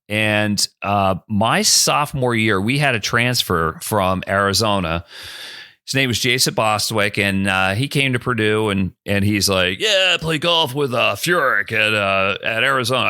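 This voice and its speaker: A man's voice: moderate pace, smooth, dry recording, clean studio sound. A man in his fifties from the Philadelphia area, telling stories as a podcast guest and acting out the people he quotes. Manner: animated storyteller who acts out quoted lines with big pitch jumps. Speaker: guest, former college golfer and broadcaster. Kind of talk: casual storytelling in a podcast interview.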